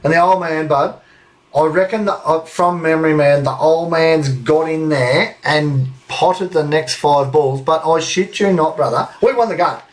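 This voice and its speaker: An Australian man in his young adult years tells a story on a live podcast. He is animated and swears freely, laughing between lines, and his voice sits a little higher than most men's. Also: measured pace, poor audio. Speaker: podcast co-host.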